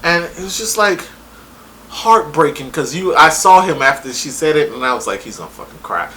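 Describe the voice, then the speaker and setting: A young man casually reviewing a TV episode, retelling it in a profane, animated way. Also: on the high side, moderate pace. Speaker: TV show reviewer.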